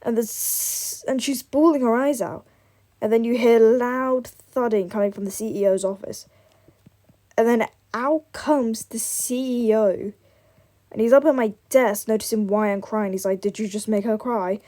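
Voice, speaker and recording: A young woman chats her way through a building game, rambling from one thought to the next and leaning on filler words. Her voice sits a little high, with a mellow, unforced tone. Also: a little slow. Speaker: gaming vlogger. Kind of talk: casual chat while playing a building game.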